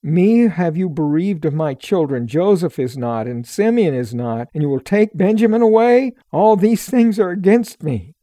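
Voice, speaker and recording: Sad old dad who won't let his son go, man reading him, sorrowful, dark mellow voice, dry. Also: high voice, expressive, moderate pace, few pauses, dry recording, voice pushed up. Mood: grieving. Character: grieving old father, fearful of losing his son.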